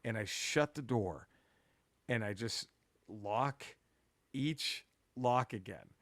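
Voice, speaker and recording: A man of middle pitch tells a long story in loose, profane chat, stumbling over restarts and sinking to a hushed tone when it gets tense. His voice sits close and dry, with no room sound around it. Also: slow pace, no echo. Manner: profane, rambling, animated retelling with restarts. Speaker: podcast co-host. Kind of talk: casual storytelling.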